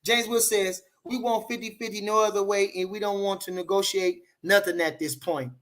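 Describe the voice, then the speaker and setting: Boxing talk host: a high-voiced man, brash and profane, shouting callouts. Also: steady tone, normal speed. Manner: loud, profane trash talk. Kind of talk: live call-in boxing talk show, reading chat.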